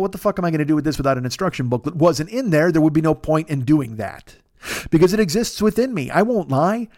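A man rambles through a comic monologue, swearing freely and poking fun at himself. His voice sits high and jumps around a lot as he talks at a fast clip. The sound is close and dry, like a podcast studio. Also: dry recording. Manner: profane, rambling, self-deprecating. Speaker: podcast host. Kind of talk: comedic monologue.

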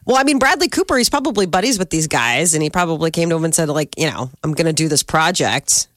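A woman's voice: deep voice, expressive, fast, fairly bright tone, dry recording, studio quality. A woman co-hosting a radio show, talking casually and playfully about movies and celebrity gossip. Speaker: radio co-host. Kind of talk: casual chat.

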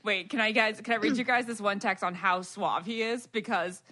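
A woman's voice: mid-range voice, steady tone, normal speed, sharp tone, no room sound. A young woman hosting a podcast, chatting casually, giggling and nervous while stalling before a call. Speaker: podcast host. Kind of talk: casual chat.

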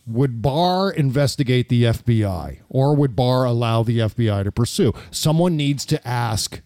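A man hosting a political chat show, animated and indignant, swearing now and then. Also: mid-range voice, normal speed, no echo.

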